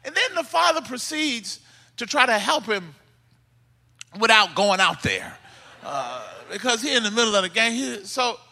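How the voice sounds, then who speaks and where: Male pastor, sermon, animated comic storyteller, bright and lively voice. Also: high voice. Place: church.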